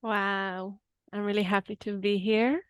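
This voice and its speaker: A woman's voice: mid-range voice, level tone, a little slow, clean tone, no echo. A woman from Israel, a yoga therapist, guesting on a podcast and speaking openly, sometimes searching for words. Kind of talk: interview conversation.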